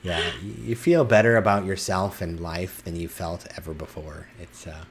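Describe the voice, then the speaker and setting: A man narrating as game master in a tabletop game, halting with fillers and restarts. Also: deep voice, steady tone, a little hiss or hum.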